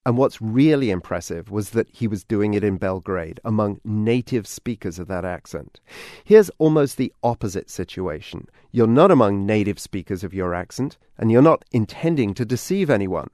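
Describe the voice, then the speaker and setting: A man's voice: lowish voice, expressive, normal speed, a little mellow, no room sound, clean studio sound. A middle-aged man from the UK with a British accent, hosting a radio podcast and narrating a feature with a wry, chuckling manner. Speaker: podcast host and language editor. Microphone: studio mic.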